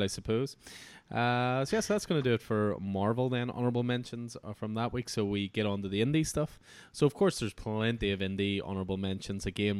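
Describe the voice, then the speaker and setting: A man with a fairly low, smooth and resonant voice hosts a casual comic book chat. He is relaxed and chatty and laughs often. The recording is close and dry, with no room sound. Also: no echo. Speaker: podcast host.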